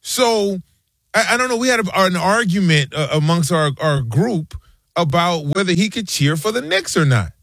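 A man co-hosting a casual sports talk show, telling stories with lively swings in his voice. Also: normal speed, dry recording, studio quality. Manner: animated storytelling, lively swings in pitch.

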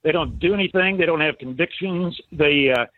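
A man's voice: a little high, moderate pace, no echo. A man on a phone line, complaining in an exasperated, repetitive way during a political call-in chat.

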